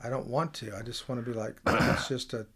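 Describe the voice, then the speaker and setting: A man as a podcast guest, telling personal stories in a chatty, animated way. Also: mid-range voice, brisk, husky. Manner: chatty, animated storyteller, many fillers. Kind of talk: casual conversation.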